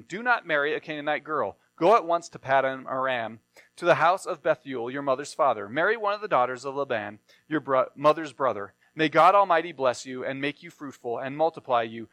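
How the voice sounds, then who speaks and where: A man reads a Bible passage and then teaches on it in a plain, explaining sermon style. His voice sits a little high for a man. The sound is dry and close, with no room around it. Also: a bit bright, no echo. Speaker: preacher.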